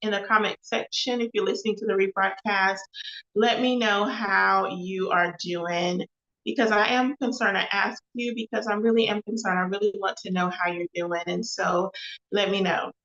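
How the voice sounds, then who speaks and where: A woman's voice: mid-range voice, fairly even intonation, moderate pace, a bit bright. A woman hosting a casual live show, chatty and repetitive, often calling her viewers y'all. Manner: chatty, repeats phrases, addresses viewers as y'all. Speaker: host of a live show and podcast. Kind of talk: casual livestream talk with faith references. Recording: echoey, slightly dull livestream audio.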